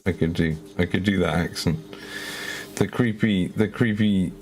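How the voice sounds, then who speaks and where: A man's voice: low-pitched, unhurried, darkish tone. A man painting miniatures live on stream, chatting casually with his viewers in a rambling, self-mocking way with stammered repeats.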